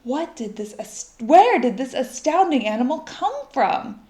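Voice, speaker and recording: Lady doing a brisk kind librarian lady, storybook voice, lively. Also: high-pitched, echoey room, voice pushed up.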